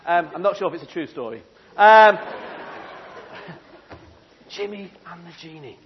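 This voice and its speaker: A man telling a story to children, theatrical and playful. His voice is unusually high and husky, and it swings widely in pitch. The recording is dull. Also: lively intonation, a little slow, slight background noise. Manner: playful, theatrical, asks the audience questions. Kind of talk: animated storytelling talk. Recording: dull lo-fi sound.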